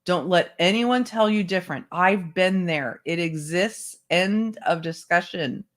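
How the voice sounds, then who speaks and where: A book club host reading a memoir aloud at a measured pace, with brief asides to listeners. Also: mid-range voice. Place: home setup, online stream.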